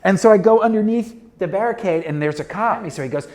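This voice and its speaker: A middle-aged man telling a story as a talk show guest, animated and acting out the voices of the people in it. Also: high-pitched, quick pace.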